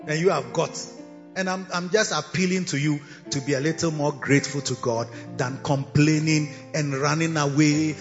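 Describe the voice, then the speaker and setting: A man's voice: fairly high pitch, animated, unhurried. A man preaching as bishop and pastor, teasing and scolding his congregation and laughing mid-sentence. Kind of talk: preaching a sermon. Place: cathedral sanctuary. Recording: echoey hall, dull lo-fi sound, faint music.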